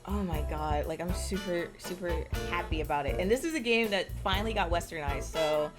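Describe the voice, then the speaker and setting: Excitable woman streamer with music behind. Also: lowish voice, fairly quick. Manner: gushing and excitable, swears when hyped; rambling, with many likes and ums. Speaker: game streamer. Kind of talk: casual chat with a live stream audience. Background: jazzy game music.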